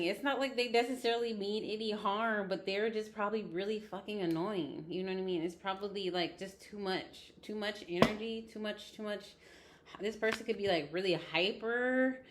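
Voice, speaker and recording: Chatty, blunt woman reading tarot. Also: mid-range voice. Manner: chatty, laughing, blunt, swears. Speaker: tarot reader.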